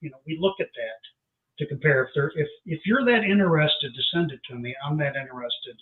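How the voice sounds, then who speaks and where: A plainspoken man called in as an insurance agent guest, explaining his points in a straightforward, practical way. His voice sits a bit higher than most men's. The audio is thin and phone-like, as if he is coming in over a call. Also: lively intonation, a little fast. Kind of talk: casual chat.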